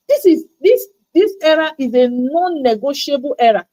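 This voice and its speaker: Lady coaching on a livestream, high voice, keeps repeating stuff for emphasis. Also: expressive, normal speed, dark tone, poor audio. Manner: emphatic, repeats words, acts out quoted doubts. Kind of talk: motivational livestream talk. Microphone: livestream mic.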